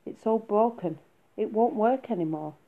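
A woman's voice: medium pitch, lively intonation, moderate pace. A woman voicing a young elf girl, upset and pleading. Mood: tearful. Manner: pleading, despairing. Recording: phone-like narrow sound.

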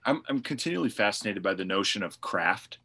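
A man with a fairly low voice, musing aloud in a casual podcast chat. He talks like a pastor reflecting on his craft, loosely and thoughtfully, with lots of "like.". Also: animated, fairly quick, sharp tone. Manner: reflective, thinks aloud with many "like" fillers.

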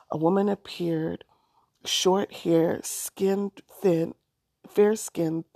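A woman reading a story aloud in a plain, descriptive way. Her voice is low and dark, with heavy vocal fry and a husky edge. The sound is dry and close. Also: no room sound. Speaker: narrator.

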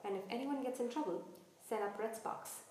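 A woman voicing a huge, gruff male half-giant gamekeeper, giving hurried instructions in a very echoey room. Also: a little high, a little mellow, a little hiss or hum, close to an everyday voice. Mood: urgent.

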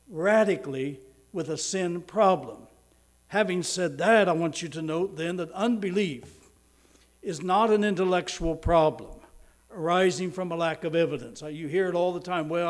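A middle-aged male preacher delivering a sermon, slowing down for emphasis and swelling louder on key words, and leading the congregation in prayer. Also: fairly high pitch. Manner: preaching with emphatic slow stresses and sudden swells in loudness.

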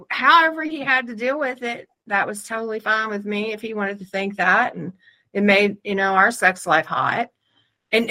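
A woman's voice: mid-range voice, bright, forceful tone. A woman co-hosting a podcast, telling candid, profane stories in casual chat and laughing often. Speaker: podcast co-host.

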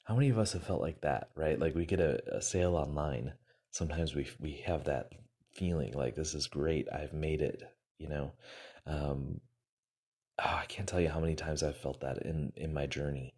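Man, very low pitch, husky tone, casual motivational talk, acts out quotes. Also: a little mellow. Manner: retells a story with quick acted-out quotes, many fillers.

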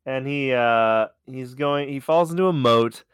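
Male podcast co-host, clear dry voice, animated and crude in casual chat. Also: medium pitch, a little slow, dry recording. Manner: animated, swearing, laughing storyteller.

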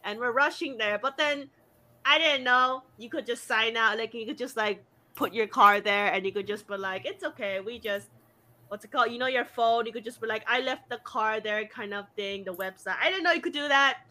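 A young woman casually telling a story, animated, full of "like" and swearing, laughing often and jumping up high for quoted voices. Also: a little fast.

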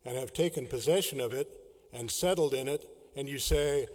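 Male scripture reader, measured and formal, long hall echo. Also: medium pitch, darkish tone. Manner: measured, deliberate reading. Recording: large hall with long reverb.

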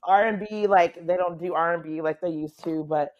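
A woman's voice: on the low side, moderate pace, darkish tone, highs cut off. A woman co-hosting a podcast in casual chat, teasing and chiming in often. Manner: playful teasing, chimes in often. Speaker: podcast co-host.

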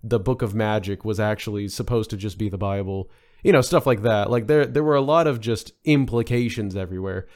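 A man muses as a podcast guest in a casual discussion, rambling with lots of fillers and restarts. His voice is on the low side, fairly quick and darkish in tone.

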